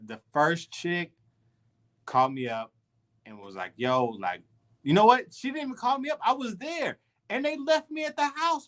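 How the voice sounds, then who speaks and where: A man telling a story in a loose, slangy way during a casual podcast chat, with many restarts. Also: a little high. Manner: animated, slangy, full of restarts. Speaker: podcast co-host.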